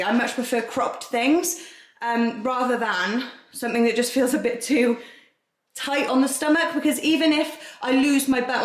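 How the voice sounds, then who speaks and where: Young woman vlogger, bubbly and giggly, brightish voice, echoey home rooms. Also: fairly high pitch. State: pregnant, out of breath at times. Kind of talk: casual vlog chat. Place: home, walking between rooms.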